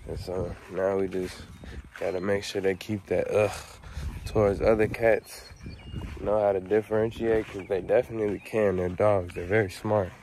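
A laid-back man with a lowish voice talks casually outdoors on his rural property, slangy and swearing now and then. He shouts sharp, loud calls to his dog. Faint outdoor noise sits behind him. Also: flat delivery, moderate pace. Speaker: vlogger on his animal property.

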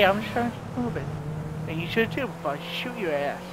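A man giving casual gameplay commentary, swearing and trash-talking other players, with sudden loud outbursts. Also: sits high, fairly quick. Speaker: gamer. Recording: clear game noise behind voice.

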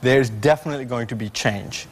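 A man's voice: mid-range voice, brisk, breathy edge. A male scientist guest on a late-night talk show, telling stories with lots of fillers and restarts. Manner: animated storyteller, fillers and restarts.

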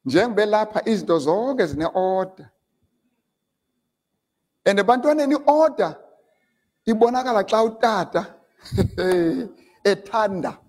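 A man preaching a sermon in a church, switching between English and Xhosa and building up to shouted lines. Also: sits high, animated, measured pace, pauses often. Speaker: pastor.

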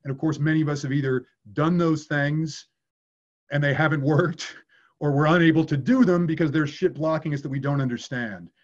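A man's voice: fairly high pitch, fairly even intonation, fairly quick, muffled recording. A man working as an acting coach, answering viewer questions in a candid way and swearing casually.

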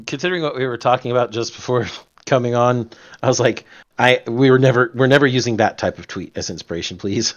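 A man co-hosting a casual gaming podcast, making dry jokes and quick asides. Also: medium pitch, highs cut off. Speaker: podcast co-host. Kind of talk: casual chat.

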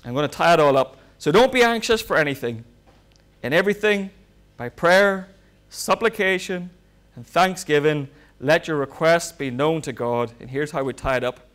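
A pastor preaching a sermon, swinging from loud fervent bursts to quiet asides. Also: male voice, fairly high pitch, normal speed.

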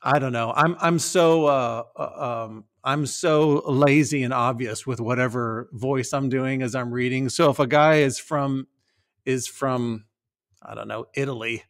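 A middle-aged man talking on a podcast in a lively, casual way, laughing often and slipping into silly voices. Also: medium pitch, a little slow. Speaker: podcast host.

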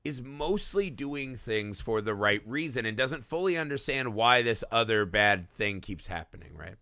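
Guy on a movie podcast, bright lively voice, swears a lot, does little voices, dry close sound. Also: medium pitch, no room sound. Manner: animated, profane, acts out characters in quick voices. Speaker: podcast co-host. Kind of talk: casual film discussion.

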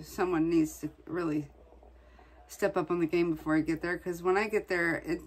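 A woman's voice: sits low, breathy edge. A woman vlogger chatting casually, venting in a blunt, profane way. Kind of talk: casual chat.

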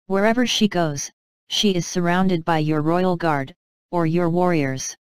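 A woman's voice: lowish voice, a little slow, clean tone, dry recording, close to an everyday voice. A woman voicing the king's scheming male enemy, sly and coldly accusing in a storybook reading.

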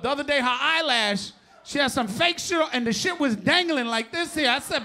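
A middle-aged man with a New York accent doing a profane stand-up set on a live stage, often shouting his punchlines and laughing through the bits. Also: very high voice, animated, normal speed, slight background noise. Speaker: stand-up comedian. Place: live comedy stage before an audience.

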